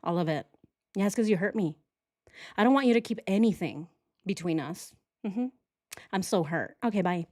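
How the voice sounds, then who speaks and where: A woman's voice: mid-range voice, moderate pace, pauses often, darkish tone, no echo, clean studio sound, lightly acted. A woman putting on a mocking impression of a petty, melodramatic young woman who rattles off orders on the phone, whiny and over the top. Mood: sulky.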